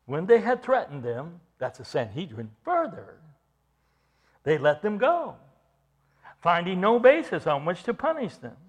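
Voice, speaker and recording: A man's voice: high voice, very animated, a little slow. A man preaching an expository sermon, explaining scripture verse by verse with emphatic delivery.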